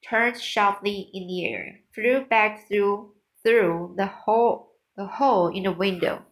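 Slow, halting woman reading a storybook aloud. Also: medium pitch, fairly bright tone, rough recording. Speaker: reader. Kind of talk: reading a children's novel aloud.

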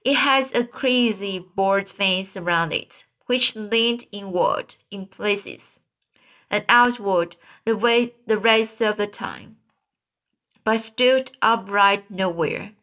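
A woman narrating an audiobook story, reading haltingly and repeating words. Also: mid-range voice, a bit bright.

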